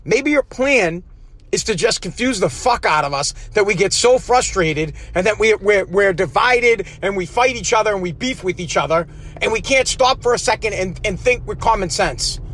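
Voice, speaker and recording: A man's voice: high-pitched, a bit bright, slight background noise. A man hosting a solo podcast, ranting in an aggravated, profane way with many restarts, recorded in his car. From United States. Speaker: podcast host. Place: in a parked car.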